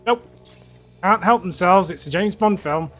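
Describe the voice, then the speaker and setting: A British man chatting through a game livestream with wry, dry humor. His voice is pitched well high for a man, and his jokes land in a light, offhand delivery. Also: measured pace, faint music behind. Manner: wry, dry joking with frequent laughs. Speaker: game streamer co-host. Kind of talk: casual gaming livestream chat.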